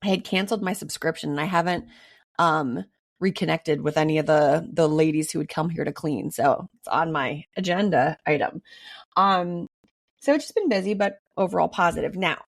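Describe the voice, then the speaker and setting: A woman in her thirties hosting a casual solo podcast, slightly raspy and hoarse while recovering from illness, chatty with frequent ums. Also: sits low, moderate pace, no echo. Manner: chatty, frequent ums, laughs between thoughts. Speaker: podcast host.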